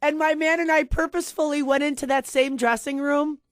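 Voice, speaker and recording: A woman's voice: sits high, steady tone, fairly quick. A middle-aged woman hosting a talk show, speaking in an emotional, rambling and self-deprecating way to her co-host.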